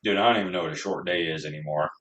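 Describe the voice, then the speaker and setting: A man co-hosting a casual, boozy podcast, laid-back and agreeable, dropping deadpan quips. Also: sits low, racing, low-quality recording. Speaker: podcast co-host. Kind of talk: casual drunk banter.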